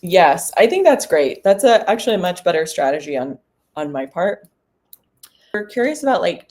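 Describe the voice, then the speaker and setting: A woman real estate broker chatting casually in a vlog between cold calls, relaxed and full of ums. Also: low-pitched.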